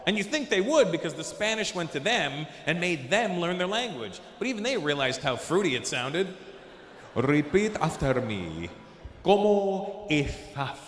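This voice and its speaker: A man doing a stand-up comedy set, telling stories in a lively way and switching into quick voices for the people in them. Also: sits high, reverberant, big-room sound. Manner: animated storytelling with quick voice switches. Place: large comedy venue.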